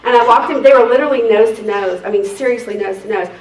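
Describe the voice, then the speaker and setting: A woman, a court reporter teaching a seminar, telling lively, laughing stories between exercises. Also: fairly high pitch, fast. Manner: chatty, laughing, lively storyteller. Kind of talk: casual storytelling lesson. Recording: roomy, distant mic, faint noise.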